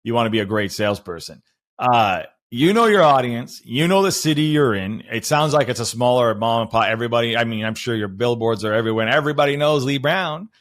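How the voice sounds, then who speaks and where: A man's voice: mid-range voice, expressive, quick pace, fairly bright tone. A man hosting a podcast interview, eager and restarting his sentences often. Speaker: podcast host.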